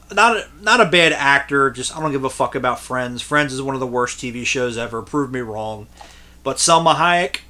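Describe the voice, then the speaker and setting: A man's voice: mid-range voice, bright, forceful tone. A man in his thirties rambling through his movie collection in a casual, crude, profane way, laughing at his own jokes.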